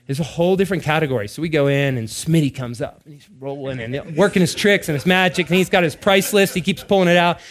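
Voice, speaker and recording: A man in his thirties or forties preaching, telling family stories with laughter and animated bursts. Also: a little high. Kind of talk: sermon-style storytelling.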